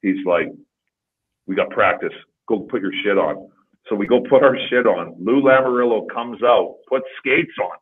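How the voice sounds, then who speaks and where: A man's voice: fairly low pitch, normal speed, slightly rough, narrow, tinny audio. A man, a former hockey player, casually telling long profane stories on a podcast. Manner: profane, rambling anecdotes. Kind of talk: casual storytelling.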